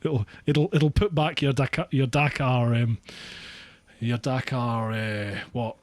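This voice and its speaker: Scottish male podcast host, relaxed and self-mocking, mid-pitched. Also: slow pace, no echo. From Scotland. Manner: chatty, laughs often, self-deprecating. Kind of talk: casual chat.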